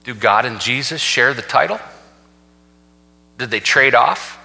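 A man's voice: medium pitch, unhurried, vocal fry, pushed and bright. Emphatic male pastor preaching in a hall. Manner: emphatic preaching, reading scripture aloud with rising force. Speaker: senior pastor. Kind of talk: sermon. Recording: reverberant hall.

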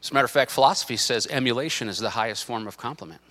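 A middle-aged male pastor preaching a sermon in church, animated, swinging between loud bursts and quiet asides, with joking side remarks. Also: mid-range voice, rapid-fire, in a large hall. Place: church sanctuary.

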